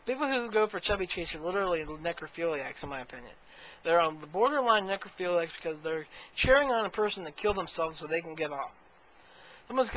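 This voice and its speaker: Guy ranting into his webcam, fed up and rambling, high tense voice. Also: a bit bright. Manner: exasperated, rambling. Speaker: video blogger. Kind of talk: casual ranting to camera. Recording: muffled lo-fi audio with faint hiss.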